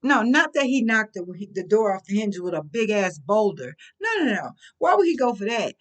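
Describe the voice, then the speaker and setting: Animated middle-aged woman telling a story. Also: mid-range voice, moderate pace, few pauses. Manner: animated, emphatic, colloquial. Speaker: vlogger. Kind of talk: personal storytelling.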